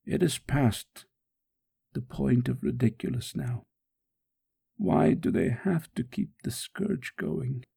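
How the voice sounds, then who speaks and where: A man voicing a gravelly, solemn suffering savior. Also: mid-range voice, sing-song, dark tone, exaggerated voice. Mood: anguished. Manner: solemn, prayerful, slow and measured. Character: suffering man praying through a scourging, tender and steadfast. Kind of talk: first-person devotional dramatic reading.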